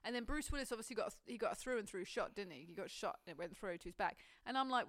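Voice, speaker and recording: A woman's voice: medium pitch, fast, hardly any pauses, no room sound, clean studio sound. A woman, hosting a podcast in casual, jokey chat and laughing often. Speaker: podcast host.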